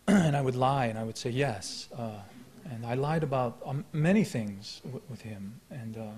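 A man giving a poetry reading at a live event, talking in a halting, reflective way with many fillers and restarts, then reciting his verse in a slow, measured voice. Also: mid-range voice, darkish tone, a little hiss or hum. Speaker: poet. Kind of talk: poetry reading with spoken introduction. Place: lecture hall at a live event.

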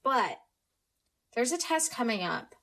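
A teenage American girl hosting a casual podcast, chatty and upbeat, jumping between quick asides. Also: a little high, sing-song, a bit bright. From United States. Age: teens. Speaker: podcast host. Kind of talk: casual chat.

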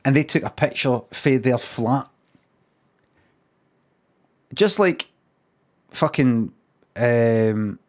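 A man's voice: medium pitch, very slow, long pauses. A Scottish man with a Glaswegian accent, telling a rambling, dry story in casual live-stream chat. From Scotland. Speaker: livestreamer.

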